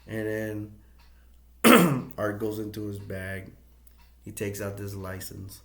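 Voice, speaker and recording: A man retells a movie in a loose, rambling way, full of fillers, restarts and chuckles. His voice sits low, and the room around him adds a clear echo. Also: fairly even intonation, slow pace, long pauses, fairly bright tone. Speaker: movie reviewer. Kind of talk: casual retelling of a film. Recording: echoey room.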